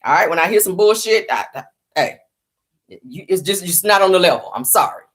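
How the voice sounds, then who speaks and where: A middle-aged woman hosting a sassy celebrity gossip show, with a sarcastic, dramatic delivery and drawn-out emphasis. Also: lowish voice, expressive. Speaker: host.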